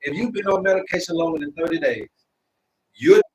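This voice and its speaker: A man hosting a live stream, lecturing his viewers in a preachy, repetitive way and drawing out words slowly for emphasis. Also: a little high, expressive, distant mic, a little hiss or hum, rough recording. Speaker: herbalist host of a live stream.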